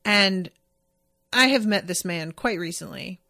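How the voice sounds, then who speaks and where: A woman's voice: mid-range voice, measured pace, pushed and bright, no echo, studio quality. A woman hosting a podcast, recapping a TV episode in casual chat with plenty of enthusiasm and swearing, and reading out listener comments. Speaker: podcast host.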